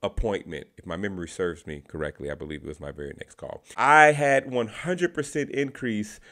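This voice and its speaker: A man with a fairly low voice talks straight to his viewers in a loose, conversational way. He shares advice from his own sales calls and circles back on words as he thinks. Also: fairly quick, a bit bright. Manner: conversational, repeats words, restarts phrases. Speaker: sales representative sharing tips. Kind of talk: casual talking-to-camera advice.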